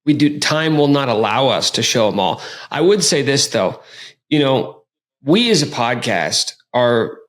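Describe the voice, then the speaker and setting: A man hosting a casual sports podcast, talking in an energetic, joking way. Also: mid-range voice, measured pace. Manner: energetic, hyped, jokey. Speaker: podcast host.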